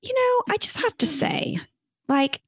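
A middle-aged woman co-hosting a podcast, chatting casually and telling stories with lively retellings. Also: very high voice, measured pace, dry recording, studio quality. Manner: chatty storyteller, animated retellings. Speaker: podcast co-host. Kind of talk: casual chat.

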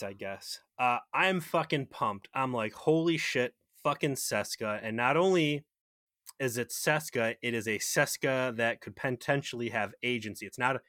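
A man chats on a podcast, tossing in jokes and curses. His voice is mid-pitched, bright and forceful. The sound is close and dry. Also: dry recording. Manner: joking, profane riffing. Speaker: podcast co-host. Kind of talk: casual chat.

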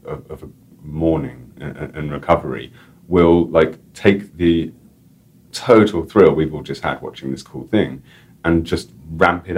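A very deep-voiced man chats as an interview guest. He rambles enthusiastically, looping through restarts and filler words. His talk is loose and conversational. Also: a little mellow, husky. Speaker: author and editor, interview guest. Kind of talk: casual interview chat.

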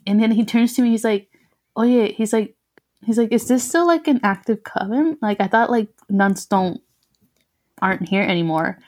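A woman's voice: fairly high pitch, moderate pace, darkish tone. Young woman telling a story. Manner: mixes English and Spanish, swears freely, laughs often. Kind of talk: casual chat.

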